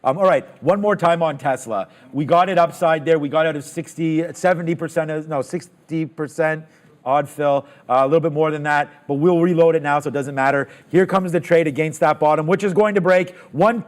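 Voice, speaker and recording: A man hosting a live trading show, calling trades and thinking aloud with quick excitement. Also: on the high side.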